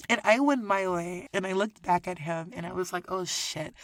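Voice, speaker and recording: A woman's voice: fairly low pitch, normal speed, few pauses, no echo. Woman podcaster telling a story, laughs a lot, swears, dry close mic. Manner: animated, profane, laughs often, swings loud and soft. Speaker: podcast host. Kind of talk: casual storytelling monologue.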